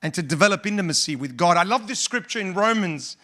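A man's voice: sits high, animated, fast talker, pushed and bright. A male pastor preaching a sermon, emphatic and repetitive, building up his points. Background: instrumental music.

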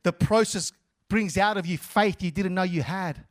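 Man, pastor, sermon, high-pitched voice, call-and-response, repeats words. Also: normal speed.

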